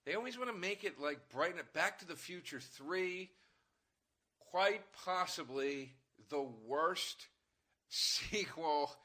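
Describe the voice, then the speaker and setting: A man's voice: fairly high pitch, expressive, takes it slowly, sharp tone. A man, a comedian co-hosting a casual chat, telling profane stories and acting out other people. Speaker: comedian co-host.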